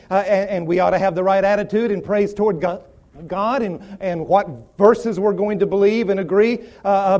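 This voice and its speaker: A man's voice: high voice, a little mellow. A man preaching a sermon, repeating phrases and building to emphatic declarations. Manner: repetitive, rising to emphatic declarations.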